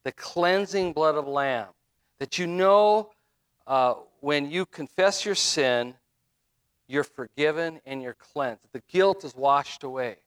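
Middle-aged guy preaching a sermon, kinda high voice, lots of you-knows and restarts, talks like he's just chatting. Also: slow pace, clean tone. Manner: conversational, repetitive, with frequent fillers and restarts. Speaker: minister.

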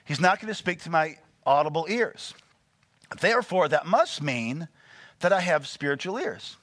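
A man preaching a sermon, animated and full of call-and-response questions to the congregation. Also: a little high, normal speed, no echo. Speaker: pastor.

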